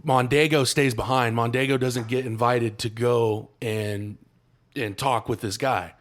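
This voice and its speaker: Man, podcast co-host, mid-pitched voice, loose slangy storytelling, swears a lot. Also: fairly even intonation, unhurried. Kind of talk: casual chat, retelling a movie plot.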